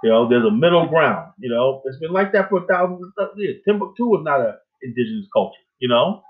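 A man's voice: medium pitch, lively intonation, brisk. A man hosting a casual talk show, chatting loosely and often tagging his points with "you know what I'm saying". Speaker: host. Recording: phone-like narrow audio.

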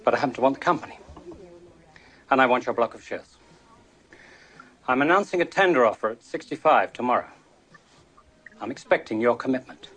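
A man's voice: expressive, a little fast, pauses often, a bit bright, slightly rough. An actor playing a proud wealthy businessman who makes cold, clipped threats in a film scene. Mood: menacing. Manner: clipped, menacing, low-key threats. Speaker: rival tycoon in a film scene.

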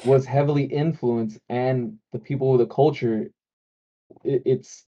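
A man's voice: medium pitch, steady tone, a little slow, lo-fi sound, slight background noise. A man from the Chicago area, co-hosting a casual chat and telling riled-up, profane stories. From Chicago area, USA. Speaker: podcast co-host.

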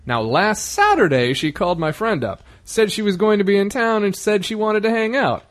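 A man with a fairly high, lively voice that swoops up and down. He reads emails aloud on a casual comedy podcast, mocking them as he goes. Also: moderate pace. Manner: animated, mocking reader. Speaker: podcast co-host reading emails. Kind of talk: casual chat.

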